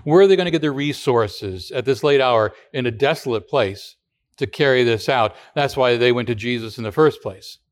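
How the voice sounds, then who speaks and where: A man's voice: mid-range voice, moderate pace. Male pastor preaching conversationally. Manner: conversational preaching with rhetorical questions and restarts. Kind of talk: radio sermon.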